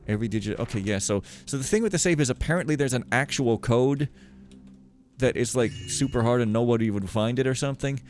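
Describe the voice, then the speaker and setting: A man's voice: mid-range voice, a little fast, a little mellow, slight background noise. Rambling, jokey man talking over gameplay. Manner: rambling, jokey, reads in-game letters aloud with a raised voice. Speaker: gameplay commentator. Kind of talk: casual let's-play commentary.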